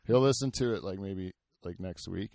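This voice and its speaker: A man's voice: low-pitched, normal speed, vocal fry, darkish tone, no echo, studio quality. A man hosting a podcast in casual, rambling chat, full of fillers, restarts and swearing. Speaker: podcast host.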